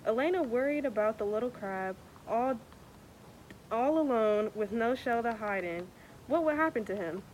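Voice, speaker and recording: A young woman reading a children's picture book aloud with expressive, animated storytelling. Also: fairly high pitch, normal speed, slight background noise, low-quality recording. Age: young adult. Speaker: student athlete reading aloud.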